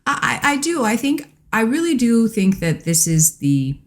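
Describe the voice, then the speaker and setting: A woman's voice: fairly high pitch, moderate pace. A woman in casual conversation on a podcast, speaking earnestly and reflectively about relationships. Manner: earnest, reflective, quotes people in lively bursts. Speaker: podcast guest, host's wife.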